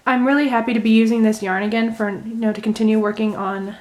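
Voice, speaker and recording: Chatty woman with a slightly high voice. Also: steady tone, fast. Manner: rambling, gentle, thinks aloud with many fillers. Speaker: crochet vlogger. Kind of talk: casual how-to chat while unraveling knitting.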